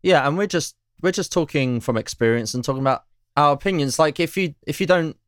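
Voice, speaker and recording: A man's voice: a little high, brisk, clear, resonant tone, no room sound, clean studio sound. A man speaking as a guest on a casual podcast, earnest and agreeable, dropping "like" often.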